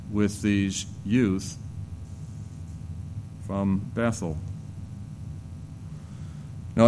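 A male preacher delivers an expository sermon to a church, earnest and measured at a middling pitch. He warms into lively storytelling, then sinks to a low, grave voice for the weighty points. A faint low rumble sits under the recording.

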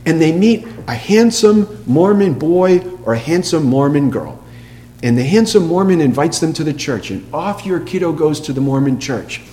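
A man preaching a sermon in an emphatic way, asking rhetorical questions and dropping to a soft hush for quoted lines. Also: a little high, expressive, moderate pace. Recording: long hall reverb with faint hum.

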